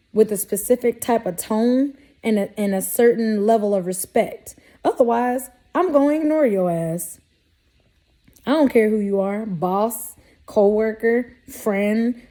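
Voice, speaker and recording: A woman's voice: fairly high pitch, dark tone. A woman talking straight to camera in a sassy, blunt way, giving life advice and acting out mock quotes. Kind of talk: casual direct-to-camera talk.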